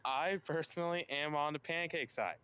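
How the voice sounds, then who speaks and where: A man's voice: a little high, moderate pace, sharp tone, smooth, highs cut off. A man in a casual chat with a dry, wry manner.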